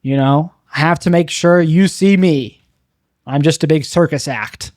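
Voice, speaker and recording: In a clean studio recording with no room sound, a young comedian performs a confessional stand-up monologue. His voice is a little high and mellow and his pace a bit slow as he rambles bitterly, mocking himself and often starting over.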